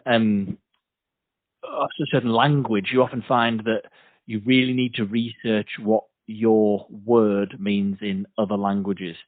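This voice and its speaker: A man's voice: on the low side, dry recording. Chatty man on a tinny dry line. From England. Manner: chatty, jokey, does playful accent impressions. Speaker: podcast host. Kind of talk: casual chat. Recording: tinny phone-like dry sound.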